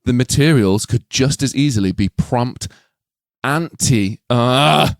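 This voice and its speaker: A man in his thirties co-hosting a podcast, talking in animated, jokey rants full of swearing, often reading from his own essay. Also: medium pitch, takes it slowly, gravelly, dry recording, clean studio sound. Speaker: podcast co-host. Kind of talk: casual chat, reading a researched essay.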